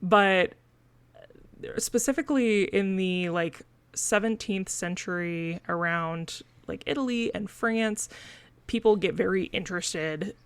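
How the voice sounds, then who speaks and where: A woman from Missouri, USA, with a Missouri accent, co-hosts a podcast in casual chat, full of fillers and laughing between points. Her mid-range voice has a clean tone and a slow pace, in a dry recording.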